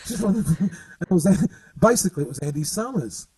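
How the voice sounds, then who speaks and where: Man, rambling storyteller, slightly high voice, husky, distant dry video-call mic. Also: animated, darkish tone, no echo. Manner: rambling, halting, laughs often. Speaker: guest musician. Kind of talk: casual storytelling chat.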